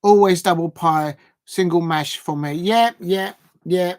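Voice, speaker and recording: A man's voice: high-pitched, a little slow, darkish tone. A man, hosting a football livestream and chatting casually with viewers, rambling and thinking aloud with plenty of fillers. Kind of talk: casual live chat reacting to viewers.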